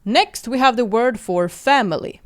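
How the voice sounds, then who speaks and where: A young adult woman with a Swedish accent hosting a language lesson, slowly repeating words for listeners to practise and addressing them in a friendly way. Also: fairly high pitch, expressive. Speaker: language teacher and podcast host. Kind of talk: slow, clear language lesson.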